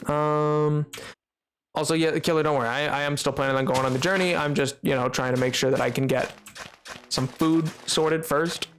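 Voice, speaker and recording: A young man chats casually while streaming a game, rambling with plenty of fillers. His voice is fairly high and fairly bright, his tone steady, his pace moderate. Soft music plays in the background of this live-stream chat.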